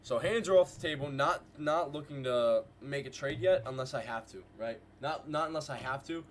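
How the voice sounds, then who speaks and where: Excitable man hyping live trades. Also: medium pitch, moderate pace, a little hiss or hum. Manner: hyped, slangy, talks to chat with "guys" and "bro"; repeats phrases in bursts. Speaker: trading livestream host. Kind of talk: live market commentary. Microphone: desk mic with headphones.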